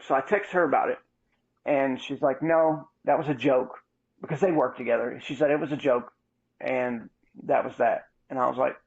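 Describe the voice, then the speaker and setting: A man in his thirties talks through a personal story in a candid, animated way. His voice is gravelly and the sound is muffled and lo-fi. It has the feel of casual podcast storytelling. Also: mid-range voice, normal speed. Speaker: podcast host. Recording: muffled lo-fi audio.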